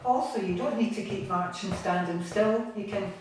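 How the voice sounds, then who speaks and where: A Scottish woman gently leading a home exercise class from her bathroom, encouraging and patient. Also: medium pitch, normal speed. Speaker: exercise instructor. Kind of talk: guided seated exercise class. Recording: echoey room, distant mic, faint noise.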